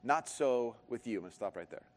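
A man's voice: mid-range voice, expressive, a little fast. Man preaching in a reverberant hall. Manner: conversational, joking asides. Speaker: pastor. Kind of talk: sermon.

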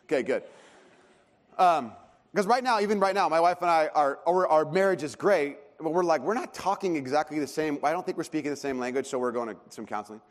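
A man's voice: a little high, fairly quick. A man in his thirties preaching a sermon as a pastor, telling stories in a conversational, self-deprecating way. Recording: long hall reverb.

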